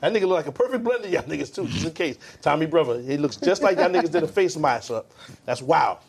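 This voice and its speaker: A young man in casual podcast chat, slangy and animated, laughing often. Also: a little high, fast, creaky, breathy edge.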